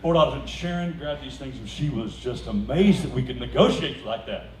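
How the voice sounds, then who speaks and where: A man's voice: mid-range voice, a little fast. Man telling anecdotes at an event, laughing as he goes, picked up from across a roomy hall with faint noise behind. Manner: animated anecdote-telling, laughing through punchlines. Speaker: speaker at a celebration. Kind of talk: storytelling speech to a live audience. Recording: echoey room heard from a distance, faint background noise.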